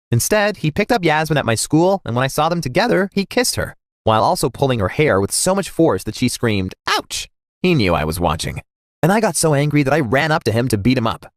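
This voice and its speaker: Lively man narrating a story. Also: medium pitch, fairly quick, no room sound, studio quality. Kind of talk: scripted first-person story narration.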